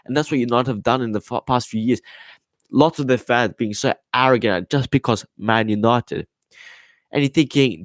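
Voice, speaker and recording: A young man hosting a casual football live stream, excitable and rambling, swearing often and restarting his sentences. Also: mid-range voice, moderate pace, dry recording, clean studio sound. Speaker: football podcast host.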